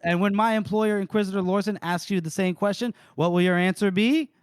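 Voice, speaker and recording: Un homme imitant un mercenaire pompeux et grandiloquent. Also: male voice, high voice, brisk, clear, resonant tone, dry recording, clean studio sound, voice pushed up, lightly acted. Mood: pompous. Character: pompous, self-important male soldier of fortune. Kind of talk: voicing characters while recapping a novel.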